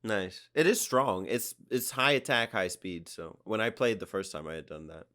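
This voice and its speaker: A man's voice: fairly low pitch, normal speed, a bit bright. A man co-hosting a casual gaming podcast, making dry, matter-of-fact remarks. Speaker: podcast co-host. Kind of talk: casual chat.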